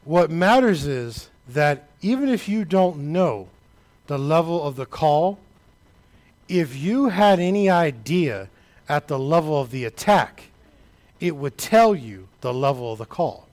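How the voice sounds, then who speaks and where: A man preaching a sermon, talking straight to the congregation, building to shouted peaks and then dropping low and quiet. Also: expressive, unhurried. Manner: conversational, addresses the congregation directly.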